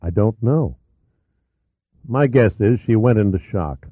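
A weary middle-aged coroner, as a male narrator reads him talks softly and patiently. His voice is low, dry and close. The sound is tinny and narrow. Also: expressive, takes it slowly, dry recording. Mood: measured. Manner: soft, explanatory. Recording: tinny narrow-band audio.

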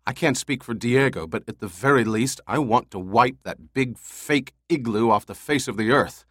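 A man's voice: mid-range voice, normal speed, fairly bright tone, dry recording, clean studio sound, close to an everyday voice. A man voicing a determined young man in an audiobook, firm and resolute. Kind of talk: audiobook character voice.

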